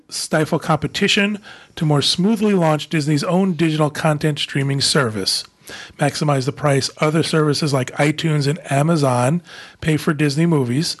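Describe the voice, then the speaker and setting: A man with a fairly high, husky voice reads the news segment of a podcast. He slips into a deliberate announcer delivery. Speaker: podcast co-host reading the news. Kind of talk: reading news aloud.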